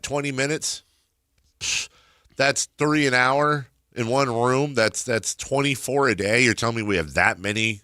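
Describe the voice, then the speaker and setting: A man's voice: on the low side, no room sound, clean studio sound. A man hosting a sports radio show, telling rambling stories in casual on-air banter. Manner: rambling, animated storytelling. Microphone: studio microphone.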